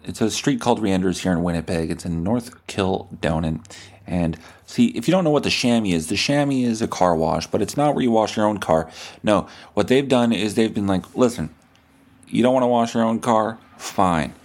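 A man's voice: on the low side, moderate pace, a little mellow. A man hosting a podcast, rambling through a profane comedic monologue and a joking phone call. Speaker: podcast host.

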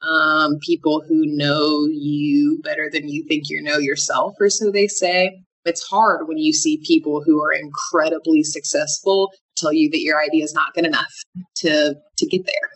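A woman's voice: low voice, level tone, moderate pace, poor audio. A young adult woman, a business founder, answering interview questions candidly with frequent restarts.

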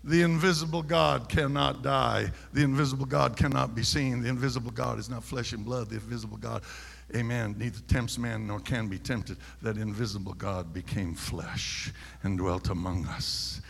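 A male pastor preaching a sermon, telling a story quietly and then shouting his points. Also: medium pitch, steady tone, normal speed, creaky, hardly any pauses, in a large hall, slight background noise.

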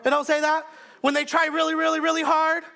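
A male pastor preaching a sermon in an emphatic style, repeating phrases and swinging between shouts and hushed lines. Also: very high-pitched, completely flat delivery, fairly quick, gravelly.

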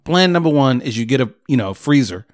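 A man's voice: medium pitch, lively intonation, fairly quick. A man co-hosting a podcast in casual chat, teasing his friend and laying out plans step by step. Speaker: podcast co-host.

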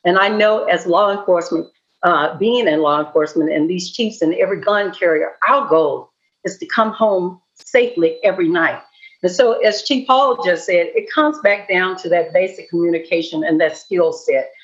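A woman's voice: fairly low pitch, moderate pace. Woman panelist and law enforcement educator, conversational, muffled lo-fi audio. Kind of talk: panel discussion.

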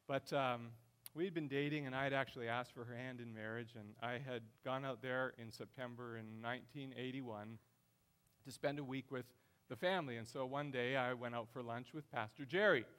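A man's voice: steady tone, normal speed, clear, resonant tone. Impassioned man preaching a sermon. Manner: impassioned preaching that swells loud and high. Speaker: pastor.

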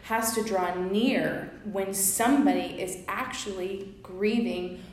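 A woman's voice: mid-range voice, slow pace. A woman co-hosting a faith podcast, explaining scripture in an earnest, casual way with many fillers. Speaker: podcast co-host. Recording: very echoey room with faint ambience.

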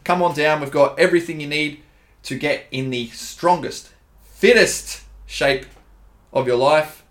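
A man's voice: fairly high pitch, measured pace, fairly bright tone. An Australian man co-hosting a casual podcast, laid-back and swearing freely, calling his listeners dude and bro. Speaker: podcast co-host, gym owner and coach.

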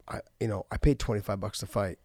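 A man's voice: fairly low pitch, fairly even intonation, fast, darkish tone, no echo, studio quality. A middle-aged man hosting a casual podcast, talking earnestly with many restarts and fillers. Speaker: podcast host and former fighter.

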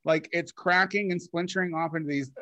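A man's voice: fairly high pitch, steady tone, brisk, sharp tone, no room sound. Man, podcast co-host, casual rambling chat, swears a lot, dry close sound. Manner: rambling, profane, many filler likes.

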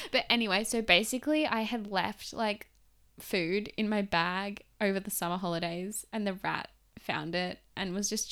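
A young woman hosting a podcast, telling a personal story in a chatty, expressive way with many fillers. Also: medium pitch, smooth. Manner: chatty and expressive, heavy use of "like". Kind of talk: casual storytelling monologue.

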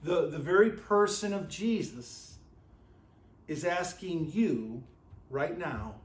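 Male pastor, high voice, unhurried delivery, dropping to hushed intensity then rising to shouts. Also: expressive, reverberant. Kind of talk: sermon. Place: church sanctuary.

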